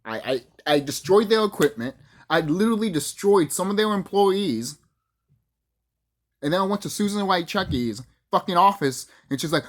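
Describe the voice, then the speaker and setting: Brief: mid-pitched vlogger, big lively swings in pitch, foul-mouthed boastful rant. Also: moderate pace. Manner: profane, boastful, acts out quoted voices. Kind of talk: ranting monologue.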